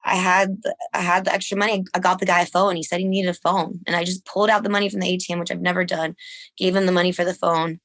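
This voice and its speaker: Podcast guest, female, lively chatty delivery, dry close mic. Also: quick pace, no echo. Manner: animated, laughs often, acts out quotes in a higher voice. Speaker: guest, musician and volunteer. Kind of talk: casual storytelling.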